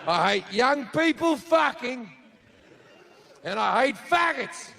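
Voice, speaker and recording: Profane high-voiced stand-up comedian. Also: male voice, animated, slow, gravelly, pauses often, bright, forceful tone, some chatter behind. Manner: profane, storytelling. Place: theater stage.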